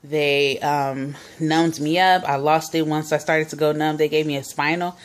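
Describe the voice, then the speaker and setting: A woman's voice: low-pitched, level tone, normal speed. A young woman vlogger casually telling a personal story, chatty, full of fillers and quoted dialogue.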